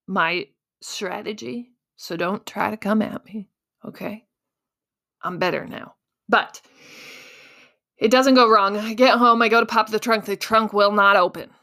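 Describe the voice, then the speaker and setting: A young adult woman hosting a podcast, telling a story in a casual, animated, self-mocking way and acting out her own panicked thoughts. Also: mid-range voice. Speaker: podcast host.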